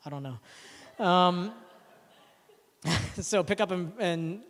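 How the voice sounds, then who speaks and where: A man preaching a sermon as pastor, in a conversational, animated way with casual asides. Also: sits high, very slow, pauses often, long reverb tail. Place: church sanctuary.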